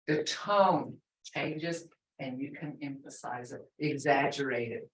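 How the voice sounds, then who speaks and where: Slow, patient woman teaching in an echoey room. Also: deep voice. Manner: slow, patient, repeats words for learners. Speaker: language teacher. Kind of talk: live online language lesson. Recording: echoey room, far from the mic.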